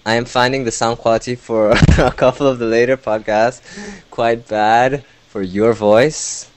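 A man's voice: medium pitch, flat delivery, a little slow, a little hiss or hum. A man hosting a casual podcast, reading listener emails aloud in a mumbling, jokey way. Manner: mumbling, jokey, often laughing. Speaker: podcast host. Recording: lo-fi voice over internet call.

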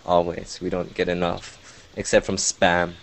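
Mumbling low-voiced man hosting a podcast. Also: completely flat delivery, measured pace, vocal fry. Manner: mumbling, jokey, often laughing. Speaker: podcast host. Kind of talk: casual podcast chat reading listener emails. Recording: lo-fi voice over internet call.

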